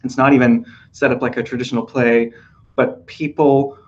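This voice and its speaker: A man hosting an awards-prediction chat, hoarse from losing his voice, chatty and loose with filler ums. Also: mid-range voice, level tone, normal speed, a little mellow, highs cut off. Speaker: podcast host.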